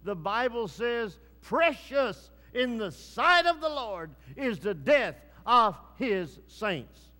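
A man preaching a sermon, swinging from hushed, low passages to loud, rising calls. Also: sing-song, slow pace, few pauses. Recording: long hall reverb.

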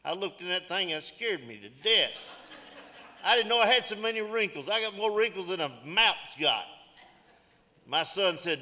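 A man's voice: sits high, animated, normal speed, sharp tone, in a large hall. A middle-aged man, preaching a sermon in a church with folksy call-outs and jokes. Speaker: pastor.

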